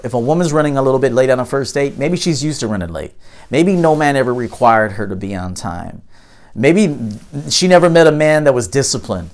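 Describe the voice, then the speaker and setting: A man who works as a dating coach, giving emphatic, preachy advice straight to camera, with loud punches and low, quiet asides. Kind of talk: direct-to-camera advice monologue.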